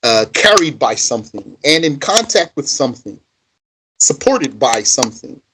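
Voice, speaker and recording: A man's voice: medium pitch, very animated, moderate pace, noisy background. This is a man, leading a religious lesson. He reads Arabic passages aloud, then explains them in plain, emphatic English. His delivery is casual but insistent. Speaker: religious teacher. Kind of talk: reading and translating a text line by line.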